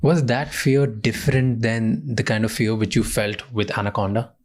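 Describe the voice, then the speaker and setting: A man's voice: on the low side, normal speed, darkish tone. A man hosting a podcast interview, asking short, curious follow-up questions. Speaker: podcast host.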